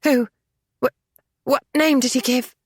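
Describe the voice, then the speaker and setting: A woman's voice: high-pitched, fairly even intonation, measured pace, slightly rough, no echo, voice pushed up. A woman doing a timid young lady, stammery, panicky, dry close sound. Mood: anxious. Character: Evie, shy frightened young lady.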